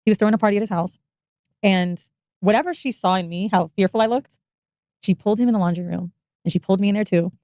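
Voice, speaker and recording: A woman's voice: medium pitch, warm tone, dry recording, clean studio sound. A woman telling a personal story candidly in a podcast conversation. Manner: candid, rapid, confessional.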